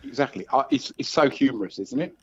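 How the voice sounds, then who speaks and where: A man trades dry, wry jokes in casual chat. His pitch moves about a lot. The sound is dry, muffled and lo-fi. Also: animated, fast, breathy edge, no echo. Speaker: co-host.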